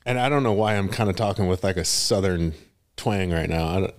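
A man in his thirties co-hosting a podcast, his voice very deep and his delivery relaxed and unhurried. He makes crude, offhand jokes in a casual chat. The recording is close and dry. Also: no room sound. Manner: laid-back, crude jokes. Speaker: podcast co-host.

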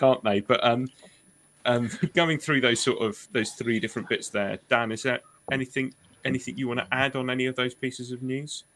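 A man's voice: mid-range voice, a little hiss or hum. A man hosting a sports podcast, steering the talk and putting questions to his co-hosts. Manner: leads talk, passes questions to others. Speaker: podcast host. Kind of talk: casual sports chat.

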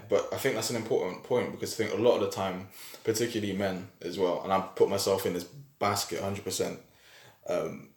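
A man hosting a podcast, talking openly and reflectively in a casual chat. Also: deep voice. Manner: reflective, open, informal. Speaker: podcast host. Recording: echoey room.

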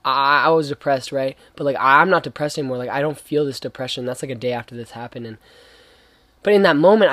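A man's voice: medium pitch, a bit bright, dry recording. A young man giving a casual, earnest faith talk, rambling with slang and many restarts. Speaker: young Christian speaker.

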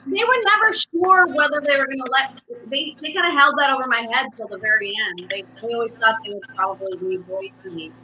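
A woman, an actress guest, recalling her career in a halting, warm way and laughing at herself. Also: high voice, a little hiss or hum, poor audio. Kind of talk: casual interview reminiscing.

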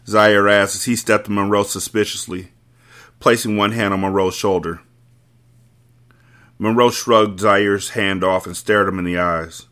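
A book club podcast host reads a novel aloud audiobook-style, breaking in with wry, joking asides. His voice is fairly low and a bit bright, and he keeps a moderate pace.

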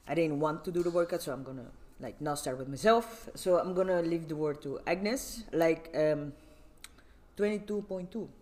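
A man's voice: fairly high pitch, a little mellow. A young man hosting a casual podcast, rambling and giggly, often cutting himself off mid-sentence. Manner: rambling, giggly, self-interrupting. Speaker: podcast host.

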